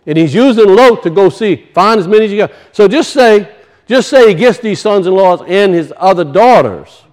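Cajun male preacher, high voice, folksy and emphatic, quizzes his flock. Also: lively intonation, normal speed, darkish tone. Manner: emphatic, questions the congregation, folksy dialect grammar. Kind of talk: sermon.

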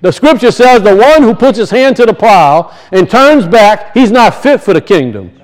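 High-voiced impassioned preacher man. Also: big pitch swings, moderate pace, low-quality recording. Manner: impassioned, repetitive, rising and falling emphasis. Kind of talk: sermon. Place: church.

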